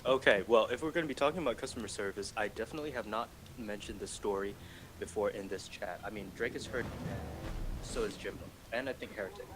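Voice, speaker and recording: A man's voice: on the low side, fast. A man from Malaysia chatting casually in voice chat, rambling and telling stories. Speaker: call center supervisor. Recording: noisy voice-chat mic.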